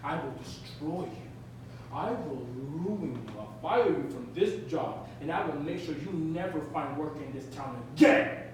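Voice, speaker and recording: A ruthless, bullying film producer, played by a man on a theatre stage spits out contempt and threats in a high, hard voice. The sound is far from the mic, with a big echo off the walls and faint noise underneath. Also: animated, measured pace. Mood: menacing. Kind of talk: solo stage performance.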